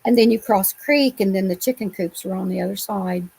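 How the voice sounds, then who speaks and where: A woman's voice: medium pitch, fairly quick, creaky, a little mellow, slightly rough, rough recording. A middle-aged woman from Ohio, a guest on an interview show, telling her own encounters in a rambling, colloquial way with many restarts. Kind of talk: telling personal encounter stories.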